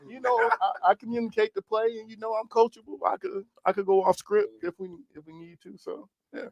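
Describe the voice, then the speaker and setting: A man's voice: sits high, steady tone, a little fast, gravelly, lo-fi sound. A man in a casual podcast chat, thinking aloud with many fillers. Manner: reflective, filler-heavy talk.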